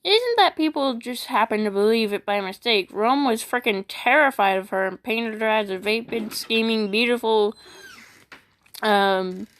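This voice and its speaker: A woman voice actor reading funny internet posts aloud, animated and playful, switching voices often. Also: a little high, measured pace. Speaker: YouTube voice actor.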